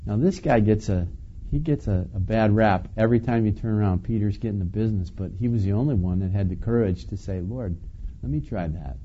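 A man preaching a sermon in a relaxed, conversational way, chuckling now and then and asking the listeners questions. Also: lowish voice, fairly quick, muffled recording. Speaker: pastor.

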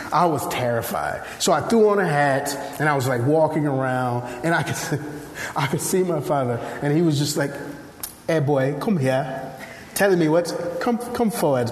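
Lively male preacher. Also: a little high. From Nigeria. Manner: animated storytelling with acted-out voices. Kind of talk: sermon. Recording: echoey hall, faint ambience.

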